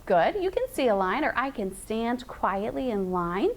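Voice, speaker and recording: Bright-voiced woman teacher drilling phonics. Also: fairly high pitch, animated, normal speed, slight background noise. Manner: upbeat, drills sounds in call-and-response chants. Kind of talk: classroom phonics lesson.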